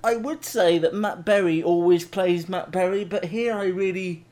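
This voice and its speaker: A man's voice: high voice, normal speed, darkish tone. A man hosting a TV review podcast, chatty and enthusiastic. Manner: chatty, enthusiastic, laughs often. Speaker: podcast host. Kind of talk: casual chat.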